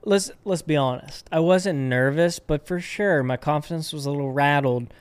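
A young man co-hosting a casual podcast, giving short deadpan answers and dry jokes. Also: fairly high pitch, normal speed, smooth, no echo. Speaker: podcast co-host. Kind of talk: casual chat.

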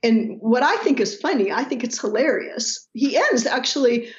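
Animated scholarly woman, lo-fi audio. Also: on the high side, normal speed. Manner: animated, laughing, quotes voices while explaining. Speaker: New Testament scholar guest. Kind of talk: podcast interview.

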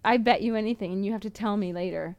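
Animated American-born woman podcast host. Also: medium pitch, fast, no room sound, highs cut off. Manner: animated, acts out little scenes; teasing, emphatic. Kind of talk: casual chat.

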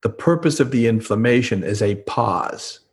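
A man's voice: medium pitch, lively intonation, normal speed. Guy explaining stuff earnestly on a podcast, mid voice, acts out quotes. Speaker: guest, trauma expert. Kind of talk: podcast interview.

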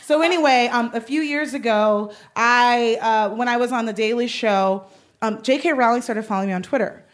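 A young adult woman host telling a rambling comic story, excitable and laughing through it. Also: on the high side, moderate pace. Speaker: podcast host. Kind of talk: comedic storytelling.

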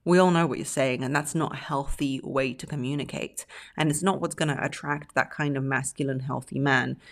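A woman's voice: very deep voice, steady tone, fairly quick. A woman hosting a podcast, giving blunt relationship advice and acting out the phrases she quotes in mocking voices. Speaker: podcast host.

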